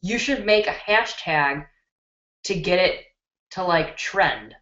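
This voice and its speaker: A woman's voice: fairly low pitch, slow pace. Bubbly woman on a roomy webcam stream. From Chicago. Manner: bubbly, excitable, reads out viewer comments. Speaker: beauty YouTuber hosting a live stream. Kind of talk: live stream chat reading comments. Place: indoors at her computer. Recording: roomy, dull lo-fi webcam sound.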